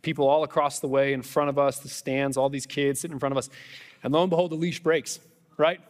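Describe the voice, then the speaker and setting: A man's voice: medium pitch, fast. Guy preaching in a church, chatty and joking at himself, big reverb. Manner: animated, self-deprecating humor, conversational asides. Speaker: pastor. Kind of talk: Easter sermon with personal stories. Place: church sanctuary.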